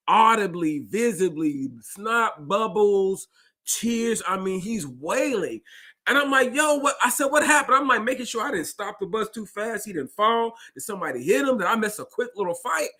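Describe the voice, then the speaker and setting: Bus driver guy telling a story, bright voice, kinda high, talks right to the listeners. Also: measured pace. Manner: animated, acts out dialogue with big pitch jumps; conversational, addresses listeners directly. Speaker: school bus driver and show host. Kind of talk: casual storytelling monologue.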